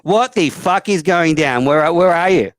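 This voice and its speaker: A man's voice: fairly high pitch, lively intonation, unhurried, no echo. A man hosting a call-in show, talking bluntly and profanely with plenty of fillers. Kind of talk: casual call-in chat.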